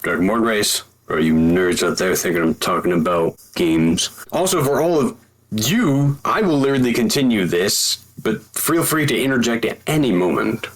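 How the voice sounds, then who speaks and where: A man's voice: fairly low pitch, moderate pace. A man narrating a tabletop game as game master, in a theatrical, joking way.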